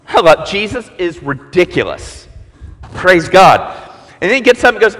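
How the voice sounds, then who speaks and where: A male preacher giving a sermon as animated storytelling, acting out the voices of the people in his story. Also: high-pitched, moderate pace. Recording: long reverb in a large hall.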